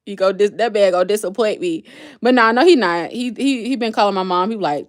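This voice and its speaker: Chatty woman with lively pitch. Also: a little fast. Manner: chatty, reads and answers comments aloud. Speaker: livestream host. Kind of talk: casual livestream chat with viewers.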